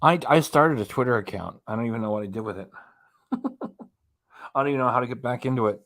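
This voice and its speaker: A man's voice: mid-range voice, fast talker, fairly bright tone. Chatty man hosting a reaction vlog. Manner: chatty, rambling, laughs often. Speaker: reaction channel host. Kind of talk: casual commentary while reacting.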